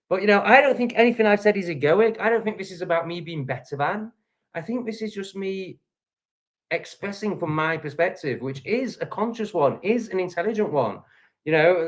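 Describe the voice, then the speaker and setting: A man's voice: sits high, lo-fi sound. Profane ranting English man. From England. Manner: profane, heated, repetitive ranting. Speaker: livestream host. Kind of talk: angry livestream rant.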